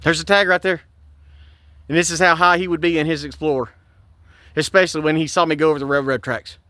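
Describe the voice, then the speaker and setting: A man's voice: a little high, steady tone, fast talker, bright, forceful tone, no echo. A man, recounting a police stop in an agitated, indignant way and repeating himself. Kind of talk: angry personal vlog.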